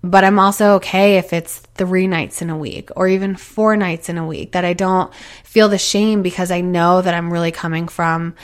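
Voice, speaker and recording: Earnest woman giving gentle advice. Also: fairly low pitch, fairly even intonation, normal speed, clean tone. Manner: earnest, encouraging, gently repetitive. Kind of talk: reflective solo advice talk.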